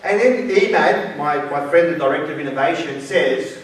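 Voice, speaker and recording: A man's voice: on the high side, moderate pace, slight background noise. Australian man lecturing in an echoey hall. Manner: animated storyteller acting out dialogue. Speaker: guest lecturer. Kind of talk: storytelling university lecture. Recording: very echoey hall, speaker far from mic.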